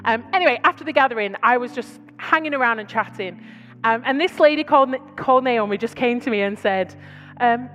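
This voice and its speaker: A British woman with a high voice preaches in a chatty storytelling manner, full of asides. Her voice rings out with the long reverb of a big hall, and soft music sits faintly underneath. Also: fairly quick. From Britain. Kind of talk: sermon. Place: large church hall.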